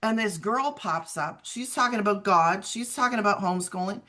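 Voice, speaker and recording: A woman's voice: mid-range voice, moderate pace, sharp tone. A middle-aged woman giving an earnest, conversational personal testimony as a guest, often quoting her own past words. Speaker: guest sharing her story.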